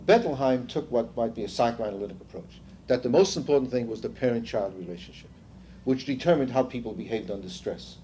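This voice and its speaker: An older man teaching a seminar in a loose, talky way, his voice at a middling pitch. He drifts into anecdotes and asides and keeps checking whether the room is following. A faint hiss sits under his speech. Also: lively intonation, fairly quick, warm tone. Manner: storytelling, quizzes the group; asides, frequent "you see". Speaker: seminar leader. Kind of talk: conversational lecture.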